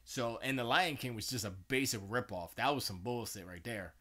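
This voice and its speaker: A man's voice: mid-range voice, normal speed, sharp tone. A tired man hosting a livestream, chatting casually and rambling from thought to thought with many fillers and slangy asides. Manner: meandering, self-correcting, loose slangy talk with frequent fillers. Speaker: livestream host. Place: home studio.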